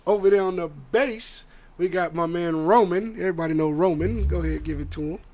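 A man's voice: high voice, fairly quick, darkish tone. A man, a band's vocalist, introducing his bandmates one by one in a laid-back, slangy way in a radio studio. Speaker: band vocalist. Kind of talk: casual band introduction.

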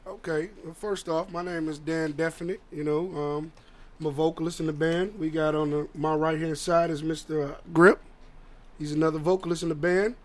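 A man's voice: on the high side, flat delivery, moderate pace. A man, a band's vocalist, introducing his bandmates one by one in a laid-back, slangy way in a radio studio. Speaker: band vocalist. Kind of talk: casual band introduction.

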